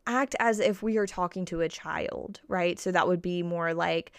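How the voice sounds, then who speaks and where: A woman's voice: lowish voice, moderate pace, hardly any pauses, clean tone, no echo, clean studio sound. A woman coach giving casual motivational podcast talk, repeating key points and checking in with listeners. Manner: checks in with listeners constantly, "right?" and "okay?". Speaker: body-confidence coach.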